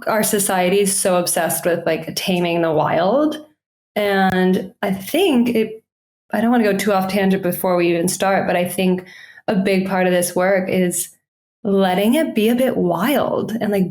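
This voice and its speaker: A woman's voice: medium pitch, unhurried, darkish tone. A woman with an American accent, a yoga and meditation teacher who is a guest on a podcast. She speaks in an eager, chatty way with lots of "like". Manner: chatty and eager, many "like" fillers. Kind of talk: casual podcast interview. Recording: roomy, echoey room sound.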